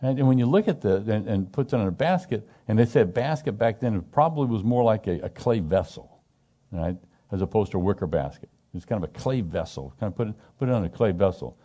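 A man's voice: lowish voice, expressive, a little fast, dark tone. A middle-aged man teaching scripture in a loose, conversational way, emphatic and asking his group questions, often restarting his sentences. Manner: frequent restarts and repetitions. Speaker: Bible study teacher.

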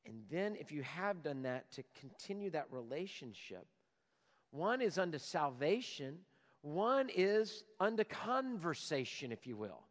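A pastor in his forties preaches in a high voice that carries a long reverb through the hall. He moves from loud, emphatic declarations to soft, prayerful passages. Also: sing-song, unhurried. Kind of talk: sermon.

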